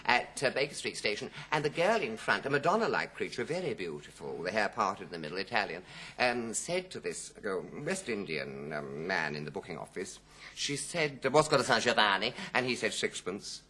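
A man's voice: lowish voice, very animated, moderate pace, pushed and bright, a little hiss or hum. A man in his fifties, a chat show guest who tells anecdotes theatrically and jumps into voices. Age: 50s. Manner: theatrical storyteller, jumping into voices.

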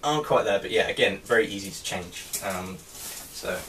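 A man's voice: fairly low pitch, lively intonation, moderate pace. A man giving a casual show-and-tell of his helmet collection, talking hesitantly with many ums and restarts. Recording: distant mic with faint background noise.

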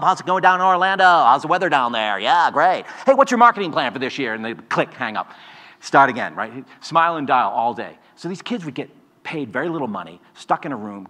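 A man in his forties, an author giving a storytelling talk, wry and animated, mocking the voices he quotes. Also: medium pitch. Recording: long hall reverb.

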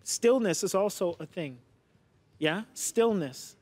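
A man's voice: high-pitched, lively intonation, slow, a little mellow. A man coaching a contemporary dance class, coaxing his students and often checking with a "yeah?". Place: dance studio.

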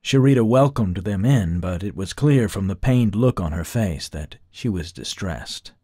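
A man narrating an audiobook with a low, mellow voice. His reading is even and wry. The sound is dry and close. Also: unhurried, breathy edge, no echo. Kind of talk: scripted narration.

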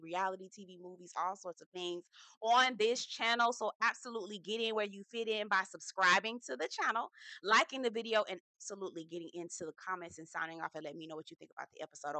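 A woman's voice: mid-range voice, bright, forceful tone, dry recording. A woman hosting her own casual TV review vlog, chatty and slangy, with emphatic asides to her viewers. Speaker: host.

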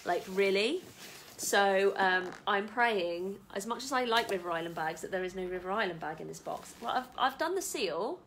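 Excitable woman, bright voice. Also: mid-range voice, normal speed, hardly any pauses, a little hiss or hum. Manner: excitable, chatty, swears casually. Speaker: vlogger. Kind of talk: casual live-stream chat. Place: home.

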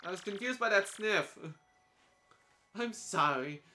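A young man with a high voice riffs through casual gameplay commentary. His tone is bright and sharp, and he jokes, teases the characters sarcastically and laughs often. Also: expressive, slow, slight background noise. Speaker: let's play commentator.

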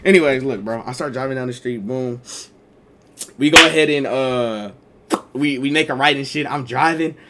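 A man telling a story to his live stream chat, slangy and excitable, swinging between mumbled asides and loud exclaims. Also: medium pitch, moderate pace, heavy background noise.

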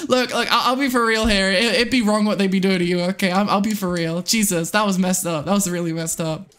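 A woman from the United States is streaming a game live, chattering to her viewers and swearing freely. Her speaking voice sits a little low, sinking into grumbles under her breath before leaping into high squeals and shrieks when something startles her. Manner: excitable, swings between muttering and squealing shrieks, swears a lot. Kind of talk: live gameplay commentary.

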